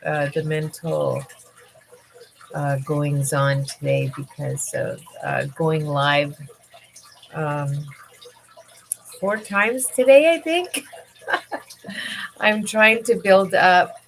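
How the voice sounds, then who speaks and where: A middle-aged woman chatting casually on a livestream from home. Her voice sits low and her pace is very slow, full of pauses and fillers. She sounds tired and yawny, and laughs often as she talks. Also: creaky, slight background noise. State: tired, yawning. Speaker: livestream host.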